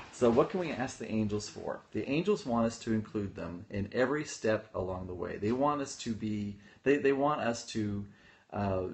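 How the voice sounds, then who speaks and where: A man's voice: on the low side, vocal fry. A man hosting a casual livestream as an angel medium, bubbly and upbeat, greeting viewers by name and laughing often.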